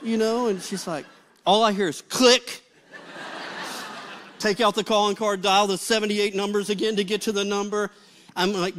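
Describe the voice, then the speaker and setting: A middle-aged male pastor telling a funny story in a sermon, acting out the quotes with lively energy. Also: sits high, normal speed. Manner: animated, comic retelling with acted-out quotes.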